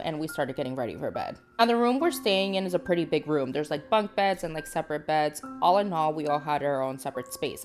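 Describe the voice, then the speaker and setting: A young woman from Panama telling a spooky story casually, cursing freely and swinging from hushed to shouting. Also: low-pitched. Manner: profane, animated, swinging between hushed and shouted.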